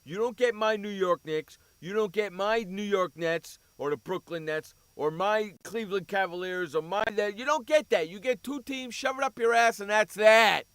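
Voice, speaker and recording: A man's voice: sits high, normal speed, hardly any pauses, fairly bright tone, smooth, no room sound. A man hosting a sports talk radio show, ranting bluntly and cursing freely as he argues about teams and coaches.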